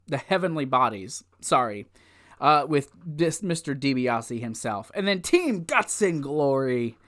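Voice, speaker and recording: A man giving a casual, rambling recap of an old wrestling event, easily excited and laughing often as he goes. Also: fairly high pitch. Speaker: wrestling show reviewer.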